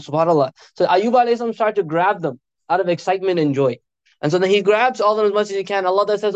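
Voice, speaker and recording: A man's voice: high voice, a little mellow, no echo, highs cut off. A man preaching an informal sermon, telling stories in a conversational way and often tagging lines with "right?" and Arabic phrases. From America.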